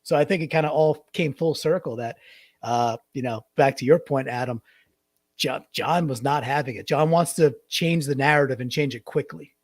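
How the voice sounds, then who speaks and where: A man's voice: mid-range voice, moderate pace, no echo. A man co-hosting a casual sports podcast, rambling and restarting, mocking quotes with put-on voices. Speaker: podcast co-host.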